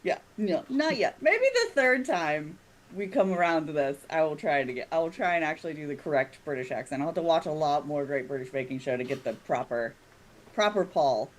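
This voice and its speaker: A woman's voice: deep voice, lively intonation, a little fast. A chatty woman who laughs often, running a tabletop game as game master in casual chat. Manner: giggly, chatty.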